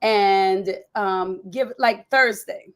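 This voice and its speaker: A woman hosting a podcast, talking in a lively, enthusiastic and emphatic way. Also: medium pitch, drawn-out words. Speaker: podcast host. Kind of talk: casual interview talk.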